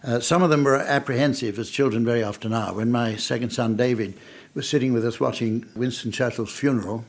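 A man's voice: mid-range voice, fairly even intonation, a little fast. Older man telling dry, wry anecdotes. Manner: dry, wry, understated delivery with audience laughter. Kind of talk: anecdotal storytelling talk.

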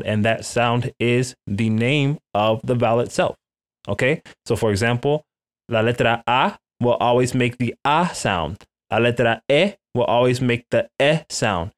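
A man teaching a Spanish lesson, slowly modelling vowel sounds for learners to repeat and often checking in with "okay?". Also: medium pitch. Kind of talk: language lesson, repeat-after-me drills.

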